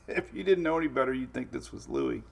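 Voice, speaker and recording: A man with a medium-pitched voice and vocal fry hosts a casual weather livestream. He chats in a laid-back way, chuckling often as he answers viewer comments.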